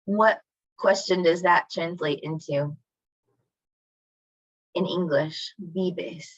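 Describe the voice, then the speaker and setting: Woman teacher on a zoom class, lowish voice, dull dry audio, keeps encouraging the kids. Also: slow pace, no room sound. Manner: encouraging, asks students questions. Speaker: Spanish teacher. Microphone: video call. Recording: dull lo-fi video call audio.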